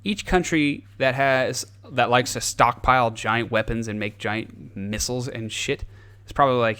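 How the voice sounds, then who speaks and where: A man's voice: medium pitch, normal speed, pushed and bright, smooth. A man hosting a podcast, ranting in a casual, sarcastic, profane comedic way. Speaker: podcast host.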